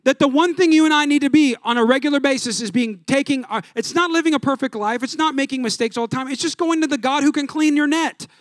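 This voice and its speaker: A man in his thirties, a pastor, preaching a sermon in a casual, energetic way full of rhetorical questions. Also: extremely high pitch, fast talker, few pauses, no echo, studio quality.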